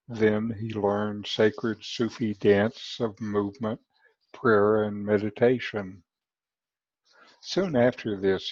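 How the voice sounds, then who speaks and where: Slow, low-voiced male host. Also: darkish tone, no room sound. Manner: slow, measured reading. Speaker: host introducing speakers. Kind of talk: scripted introduction. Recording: slightly muffled dry recording.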